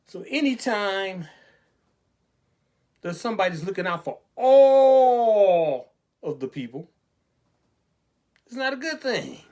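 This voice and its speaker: Sarcastic talk show host. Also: male voice, high voice, expressive, takes it slowly, long pauses, dark tone. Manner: sarcastic, preachy, rhetorical questions. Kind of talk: call-in web talk show monologue.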